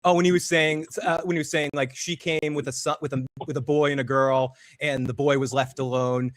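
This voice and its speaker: A man co-hosting a casual livestream call-in show, easygoing and quick to laugh. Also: a little high, steady tone, no echo. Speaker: co-host.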